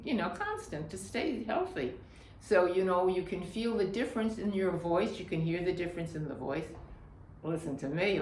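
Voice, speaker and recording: A woman's voice: fairly low pitch, lively intonation, normal speed, a little mellow, slight background noise. A woman teaching a breathwork lesson, talking emphatically, repeating her cues and checking in with "right?". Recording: echoey room.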